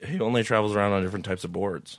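A man from Canada with a low, gravelly voice, trading dry, goofy puns in a casual podcast chat. The sound is close and dry, with no room behind it. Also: very fast, dry recording. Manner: dry, goofy punning jokes. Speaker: comedian guest.

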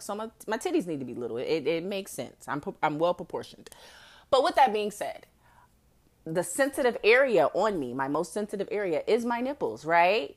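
Woman, 40s, podcast host; lively, profane comic storyteller. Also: lowish voice. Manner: profane, brash and animated; laughs often mid-sentence. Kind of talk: comedic storytelling.

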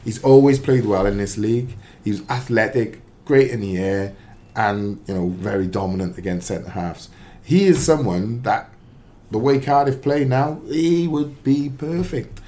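A man, a former striker, giving his football opinions in a casual sports radio chat, emphatic and quick to jump in. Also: medium pitch. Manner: animated, emphatic, interjects often.

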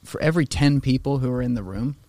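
A man in an easygoing podcast conversation, opinionated and animated, swearing now and then. His voice sits in a middle pitch. The sound is dry and close, with no room echo. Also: fast.

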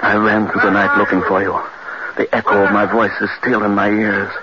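A man's voice: lowish voice, little pitch movement, brisk, lightly acted. An actor playing a guilt-stricken man driven half mad by horror, in 1940s radio acting, with a strained voice that breaks into anguished cries. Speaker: Charles Prentice, a man haunted by his wife's death. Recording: muffled old radio recording, loud hiss.

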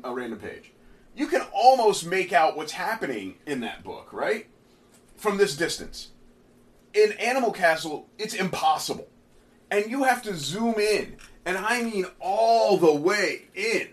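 A man hosting a casual comic review chat, ranting in an animated, exasperated way. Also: high voice, measured pace. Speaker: comic book podcast host.

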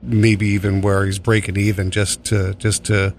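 A man's voice: lowish voice, flat delivery, moderate pace, a little hiss or hum. Rambling, joking radio host man. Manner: rambling, joking, swears freely. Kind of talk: casual on-air chat. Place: radio studio. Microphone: studio microphone.

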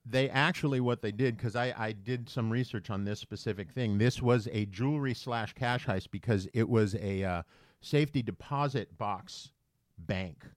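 Animated man telling a story, dry sound. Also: lowish voice, no room sound. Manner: animated, acts out quoted voices. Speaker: podcast co-host. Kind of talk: casual storytelling chat.

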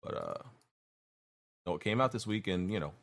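A man's voice: deep voice, lively intonation, moderate pace, creaky, fairly bright tone. A man co-hosting a casual gaming podcast, talking in a laid-back way with lots of fillers. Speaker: podcast co-host.

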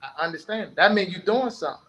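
A man's voice: sits high, animated, fast talker, pushed and bright. A man on a panel talking bluntly and emphatically in casual chat, with slangy speech.

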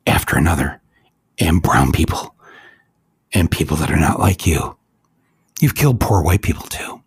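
A man giving impassioned, angry commentary with a husky voice. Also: sits low, a little mellow, no room sound, clean studio sound. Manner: angry, emotional, accusatory.

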